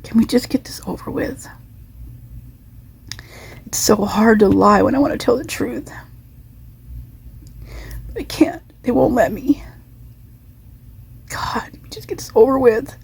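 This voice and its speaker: A woman's voice: fairly high pitch, measured pace, long pauses, a little mellow, voice pushed up, full character voice. A woman voicing an exhausted young woman who begs to stop lying, as a whispered role-play. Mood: pleading. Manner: breathy, pleading.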